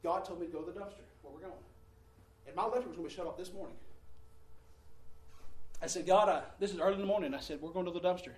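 A man giving a preached testimony in church, fervent, swinging from hushed to shouting. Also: sits high, racing, long pauses. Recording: echoey room, mic at a distance.

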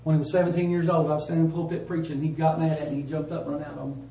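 Man preaching, folksy and emphatic, higher voice, echoey church, mic at a distance. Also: flat delivery, very fast, a little hiss or hum. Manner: folksy, emphatic, swings from loud to hushed. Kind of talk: sermon. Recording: roomy church sound from a distance.

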